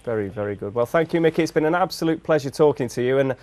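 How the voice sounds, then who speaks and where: Fast-talking joking male host. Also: medium pitch, expressive, a little mellow. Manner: joking, leads the questions. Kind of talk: studio chat show interview.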